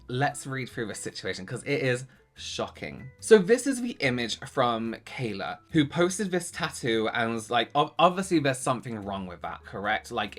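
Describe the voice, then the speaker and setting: A man's voice: medium pitch, fairly bright tone. A man hosting a reaction video, giving sarcastic commentary on social media posts and reading them aloud.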